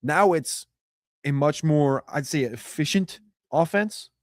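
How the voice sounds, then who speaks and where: A man's voice: fairly high pitch, animated, slow, dry recording, studio quality. A man analyzing the football draft live, talking emphatically in a rambling, slangy way with many restarts. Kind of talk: live draft coverage chat.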